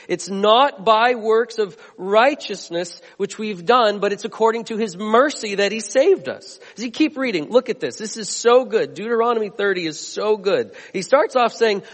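A man preaching a sermon as a pastor, earnest, swinging between loud emphatic lines and quiet ones. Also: high voice, in a large hall.

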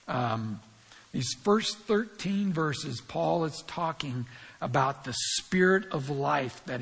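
A man's voice: medium pitch, vocal fry, fairly bright tone, slightly rough, long reverb tail. A man with a scratchy voice giving earnest, emphatic verse-by-verse Bible teaching and speaking straight to his listeners.

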